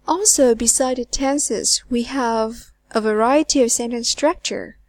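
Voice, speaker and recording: In a recorded online lesson, a woman teaches English, posing questions to learners and slowly repeating words, her phrase endings fading almost to a whisper. Her voice is a little high with a darkish tone, and there's no echo.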